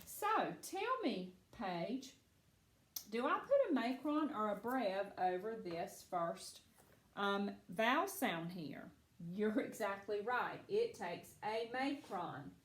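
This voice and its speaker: Slow, patient woman teaching phonics. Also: medium pitch, big pitch swings, reverberant. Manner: slow, patient, encouraging, answers for absent pupils. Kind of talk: recorded phonics lesson for children.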